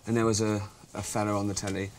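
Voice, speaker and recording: A man's voice: fairly low pitch, little pitch movement, quick pace. Rambling, offhand Englishman in a noisy recording. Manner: rambling, offhand, laughing at his own jokes. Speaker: comic guest. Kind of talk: improvised deadpan comedy chat.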